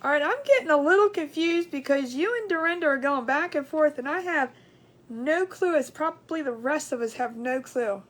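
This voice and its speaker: A high-pitched woman chatting on a crafts livestream. She rambles, retells conversations and stretches out her hellos to viewers in a sing-song way. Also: lively intonation, moderate pace. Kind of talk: casual livestream chat.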